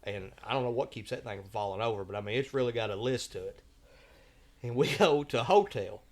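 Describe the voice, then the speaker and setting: Speaking fairly quickly at a medium pitch, a man recounts a travel story on a podcast. His casual telling is folksy and drawling, with acted-out voices for the people he quotes.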